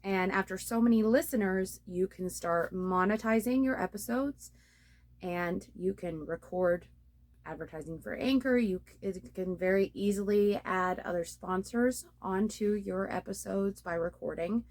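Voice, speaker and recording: A woman's voice: mid-range voice, measured pace, darkish tone. A young woman talking casually to her phone camera about starting a podcast, poking fun at her own mistakes. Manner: self-deprecating, laughs at her own slips. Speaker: beginner podcaster and blogger. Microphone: phone on a ring light tripod.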